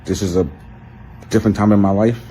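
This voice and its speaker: A man's voice: fairly low pitch, fairly even intonation, fairly quick, mellow, slight background noise, rough recording. A man talking casually to camera in a played clip, defiant and unapologetic.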